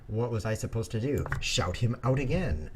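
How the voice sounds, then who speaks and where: A man hosting a chess stream, chatting casually and joking through his moves, with sudden bursts and quiet mumbles. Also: fairly low pitch, animated, normal speed, noisy background. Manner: playful, jokey, rambling asides. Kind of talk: casual live commentary while playing.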